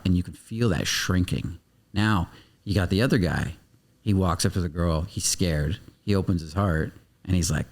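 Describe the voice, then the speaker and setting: A man's voice: low-pitched, moderate pace, a little mellow. A man speaking as a guest coach on a podcast, talking intensely, swearing freely and acting out little scenes of dialogue. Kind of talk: animated podcast interview talk.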